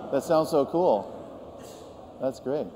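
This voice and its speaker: A man leading a group through vocal warm-ups, talking gently and encouragingly and singing short demonstration notes. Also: mid-range voice, expressive, takes it slowly. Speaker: vocal coach. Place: large hall with a group of singers. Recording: reverberant hall, faint room hum.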